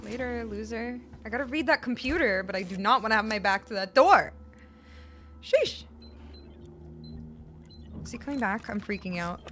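A woman's voice: a little high, animated, moderate pace, long pauses, fairly bright tone, a little hiss or hum. A young woman from the USA live-streaming a horror game, chatting to viewers and yelping and swearing when startled. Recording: game music behind the voice.

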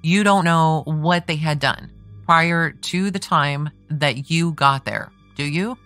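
A woman's voice: low-pitched, slow, a bit bright, soft background music. A woman reading a trial transcript aloud, voicing a persistent male defense attorney who presses a witness with leading questions. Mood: pressing. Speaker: true crime podcast host.

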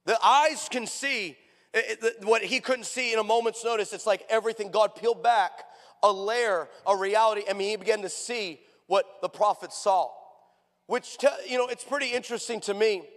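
A man preaching a sermon as pastor, telling stories in an animated way and acting out the people in them with big raised voices. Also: high voice, moderate pace. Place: church sanctuary. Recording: long hall reverb.

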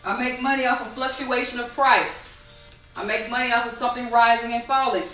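A woman teaching a live online trading class, animated and repetitive, asking the audience many rhetorical questions. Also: fairly high pitch, brisk, roomy sound, far from the mic, soft background music, rough recording. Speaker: trading instructor.

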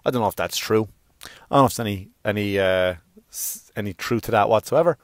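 A middle-aged man doing a stand-up monologue, swearing freely and jumping into high voices to act out characters. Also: a little fast, no room sound. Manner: animated, swearing, acts out characters with sudden pitch jumps. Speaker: stand-up comedian.

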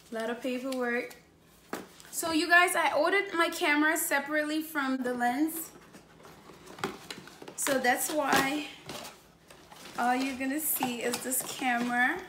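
A woman in her late twenties unboxing a new camera in a vlog, gushing and exclaiming as she goes, recorded indoors. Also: sits high. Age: 20s. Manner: gushing, exclaims often, laughs between remarks. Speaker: YouTuber. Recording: echoey room with faint noise.

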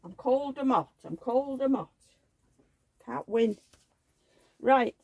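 Woman, middle-aged, husky and a bit gravelly, rambling homely vlog chatter. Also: sits high, lively intonation, takes it slowly, a little mellow, dry recording, rough recording. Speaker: doll collector vlogger. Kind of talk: casual chatty vlog, talking to dolls. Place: indoors at home.

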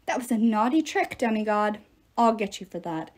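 A woman's voice: medium pitch, lively intonation, normal speed, lightly acted. A woman voicing a greedy old king with a golden touch, smug and mock-apologetic.

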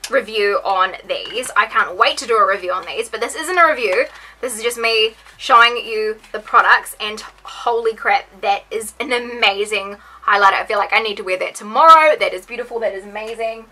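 A woman's voice: a little high, sharp tone, poor audio. A young woman unboxing beauty products in her bedroom, gushing and gasping with repeated exclamations in a casual vlog. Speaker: beauty vlogger.

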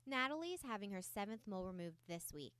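A teenage girl anchoring a school news broadcast, reading her script in a steady, measured way. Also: mid-range voice, clear, resonant tone, no room sound. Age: teens.

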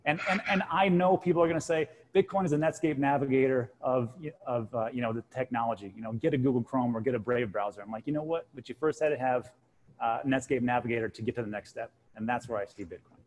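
Fast-talking animated man in his forties. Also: mid-range voice, low-quality recording. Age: 40s. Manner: animated storyteller, acts out quotes. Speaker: guest co-host, crypto channel host. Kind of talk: casual panel chat.

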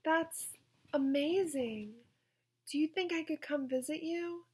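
A woman's voice: on the high side, unhurried, darkish tone, husky. A woman voicing a whiny young woman training to become a nun.

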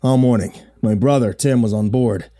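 A man voicing a rough-spoken adult fisherman and town councilor who talks urgently. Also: medium pitch, moderate pace, warm tone, close to an everyday voice.

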